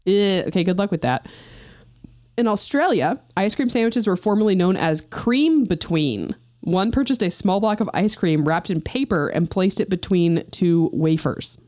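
A woman's voice: lowish voice, lively intonation, moderate pace, a little mellow, no echo. Playful woman podcast host, dry sound. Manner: playful, reads facts aloud with jokey asides. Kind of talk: casual podcast chat.

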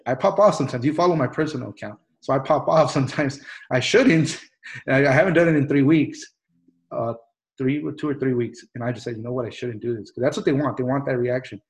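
A man's voice: medium pitch, fairly quick, vocal fry, poor audio. A man hosting a podcast, chatting loosely with many restarts, fillers and some swearing. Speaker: podcast host. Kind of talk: casual podcast chat.

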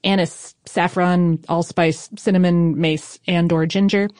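A woman's voice: on the low side, steady tone, a little slow, darkish tone, dry recording, studio quality. A woman co-hosting a podcast who explains food history in a chatty, informal way, with fillers and small laughs. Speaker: podcast co-host. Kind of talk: casual chat explaining history.

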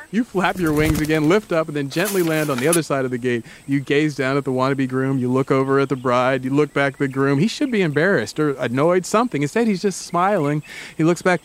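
A man's voice: fairly high pitch, fairly quick, a little hiss or hum. A man hosting a podcast, telling a crime tale in casual second person with playful asides. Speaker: podcast host and storyteller.

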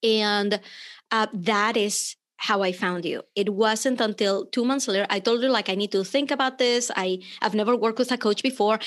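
A woman's voice: a little high, normal speed. A woman hosting a podcast interview, telling stories with animation and acting out the lines she quotes. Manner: animated storyteller who acts out quoted lines. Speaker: podcast host. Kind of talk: casual interview chat.

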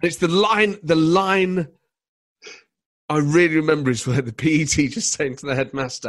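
A man's voice: a little high, expressive, fairly quick, fairly bright tone. A man, a stand-up comedian guest on a podcast, chatting casually and laughing often as he tells enthusiastic stories.

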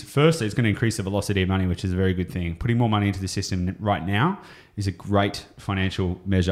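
Aussie bloke on a podcast, low voice, talks a lot, wanders off topic. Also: male voice. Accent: Australian. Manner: rambling, enthusiastic, goes off on tangents. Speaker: property investing podcast host. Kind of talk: casual podcast explanation.

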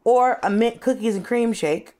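A woman co-hosting a comedy podcast, arguing in a brash, animated way and swearing freely. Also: a little high, moderate pace. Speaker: podcast co-host. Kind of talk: casual comedic debate.

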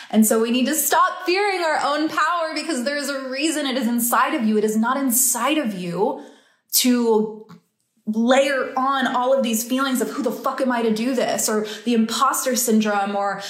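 A woman's voice: medium pitch, roomy sound. A woman who teaches breathwork and meditation, talking in a casual, heartfelt motivational monologue and laughing easily.

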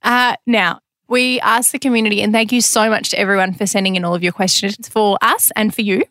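A woman's voice: mid-range voice, steady tone, fairly quick, fairly bright tone, no echo, studio quality. A woman hosting a podcast in casual chat, laughing often. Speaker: podcast host.

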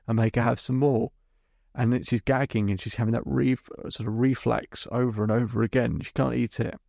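A man's voice: mid-range voice, fairly even intonation, normal speed, vocal fry, a little mellow, no room sound, clean studio sound. A man hosting a podcast as a hypnotherapist, telling a client's story in vivid detail and acting out both sides of the conversation. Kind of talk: storytelling monologue.

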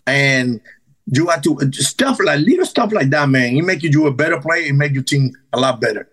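Husky guy, pretty high voice, lively baseball stories in choppy english. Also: moderate pace, low-quality recording. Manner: animated, broken English with restarts. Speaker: podcast guest, former baseball manager. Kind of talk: casual storytelling.

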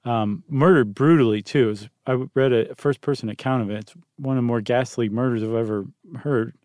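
A man's voice: mid-range voice, a little fast, darkish tone, dry recording. A man co-hosting a podcast, talking casually through history with many ums and dry jokes. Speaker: podcast co-host.

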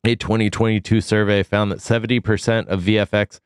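A man co-hosting a podcast, talking through a cold in a deep gravelly voice, relaxed and full of ums. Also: a little fast, no room sound, studio quality. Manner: relaxed, with many ums and uhs. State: sick, foggy. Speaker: podcast co-host. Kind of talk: casual news chat.

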